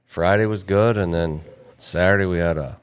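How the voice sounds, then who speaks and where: A man's voice: sits low, normal speed, clear, resonant tone. A man who is a guest on a radio show, chatting in a laid-back, plain-spoken way. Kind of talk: casual radio chat. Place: radio studio.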